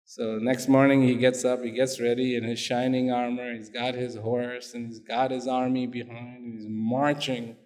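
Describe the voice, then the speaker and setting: A man preaching, telling a story and asking the audience animated questions, in a hall with long reverb. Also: medium pitch, moderate pace, hardly any pauses. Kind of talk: sermon storytelling.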